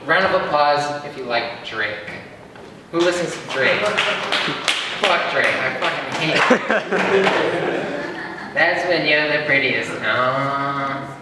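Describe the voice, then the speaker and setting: A young man doing a stand-up comedy set, deadpan and chuckling at his own jokes. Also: a little high, heavy background noise. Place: open-mic stage in a hall. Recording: echoey hall recorded from far off.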